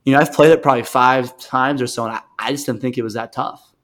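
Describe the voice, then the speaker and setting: A man's voice: mid-range voice, steady tone, fast, fairly bright tone. Man, podcast co-host, loose rambling storyteller, mid-range voice. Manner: rambling storyteller, acts out quoted people. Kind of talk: casual chat.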